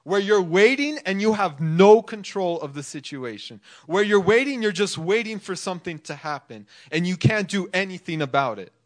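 A man with a high-pitched voice delivers a relaxed, conversational sermon. He leans on filler words and slips into little acted-out voices of people's thoughts. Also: normal speed, hardly any pauses. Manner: conversational, filler-heavy, acts out inner thoughts. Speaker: preacher. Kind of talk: casual sermon.

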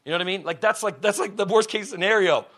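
A male preacher giving a passionate, casual sermon that swings from quiet explanation to shouting. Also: high voice, fast talker. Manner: casual, conversational phrasing.

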